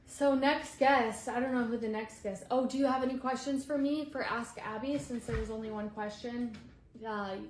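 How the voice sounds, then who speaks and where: A woman's voice: on the high side, fairly even intonation, normal speed. A young woman in her twenties hosting a podcast, chatting casually and giggling as she talks straight to her listeners. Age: 20s. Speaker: podcast host. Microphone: podcast mic. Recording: echoey room, faint background noise.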